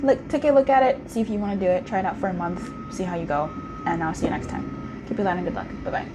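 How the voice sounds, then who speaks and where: A woman talks through a casual pick-a-card tarot reading in a chatty, intimate way. She croons sing-song calls to the viewer and slows right down to stretch words when she makes a point. A faint hiss sits under her voice. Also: lowish voice, expressive.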